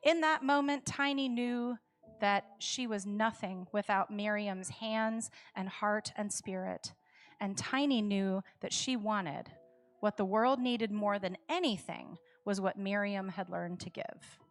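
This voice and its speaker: A woman telling a story in a worship service, measured and calm, repeating refrains. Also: mid-range voice, soft background music. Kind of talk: storytelling sermon.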